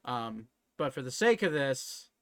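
A young man narrating a tabletop game as game master at home, with halting speech full of fillers. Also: mid-range voice, very animated, fairly bright tone, dry recording, clean studio sound. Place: home, at a computer.

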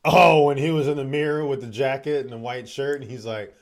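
A young man co-hosting a podcast in relaxed conversation, easygoing and quick to laugh. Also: mid-range voice. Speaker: podcast co-host. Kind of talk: casual chat.

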